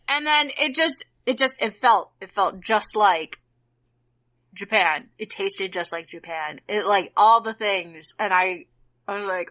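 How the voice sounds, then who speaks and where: A woman on a podcast, chatting casually and gushing excitedly, with plenty of filler words. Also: medium pitch, unhurried. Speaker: podcast co-host. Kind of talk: casual chat.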